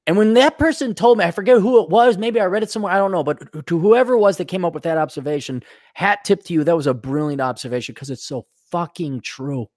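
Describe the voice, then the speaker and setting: A podcast host with a high male voice talks at a quick pace, recorded cleanly in a studio with no echo. His monologue is a casual, sarcastic rant, full of swearing and indignant energy, and he often mocks characters by putting on voices.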